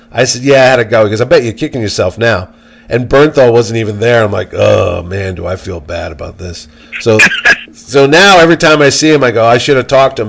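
Man, podcast co-host, casual chat, lively storyteller, mid-pitched voice. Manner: animated storyteller acting out quotes.

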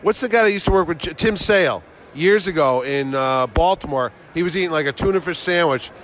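A man's voice: fairly high pitch, a little fast, fairly bright tone. A man who runs a comic convention, chatting casually and teasingly outdoors, telling stories with quoted lines. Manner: joking, teasing, tells stories with acted-out quotes. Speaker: convention promoter and host. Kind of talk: casual chat.

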